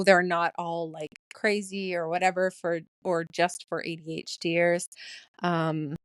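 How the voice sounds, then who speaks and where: Solo podcast host, woman, rapid and eager, lots of ums, lowish pitch. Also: no room sound. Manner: fast-talking, excitable, many ums. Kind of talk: casual solo podcast talk.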